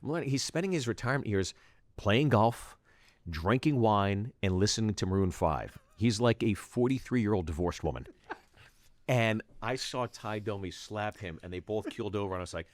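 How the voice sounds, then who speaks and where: A stand-up comedian from around Pittsburgh, middle-aged and on the low side in pitch, trades animated stories in casual chat on a dry recording. He swears freely and talks fast, breaking into quoted voices.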